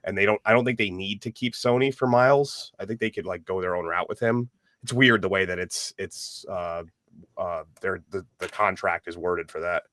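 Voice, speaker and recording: A man speaking as a guest on a livestream, halting and repeating words as he talks. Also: low-pitched, fairly bright tone, dry recording, studio quality. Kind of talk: casual livestream chat.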